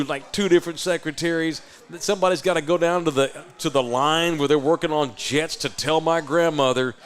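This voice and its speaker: A loud man hosting a live podcast, spinning a profane, animated story. His voice sits somewhat high for a man and he swings between laughing asides and hushed retellings. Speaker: podcast host.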